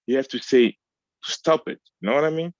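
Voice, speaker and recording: A man co-hosting a casual discussion, talking haltingly, often restarting and searching for words. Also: medium pitch, darkish tone, dry recording, lo-fi sound.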